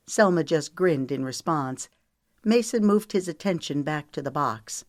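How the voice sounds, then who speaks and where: A woman with a low voice narrates a romance audiobook, steady and measured. She sits close to a studio mic in a dry, dead room with no echo. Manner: smooth, measured storytelling. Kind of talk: scripted narration.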